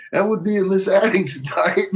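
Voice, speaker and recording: A man's voice: sits high, breathy edge. A middle-aged man telling stories about his son in casual chat, laughing constantly and swearing freely. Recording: dull lo-fi recording.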